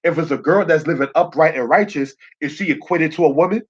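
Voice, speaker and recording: A man teaching a Bible lesson in a preacherly way, often checking with his listeners and slowing down to spell out Hebrew words. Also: fairly high pitch, breathy edge. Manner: preacherly, keeps asking "You understand?". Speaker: Torah teacher. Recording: muffled lo-fi recording.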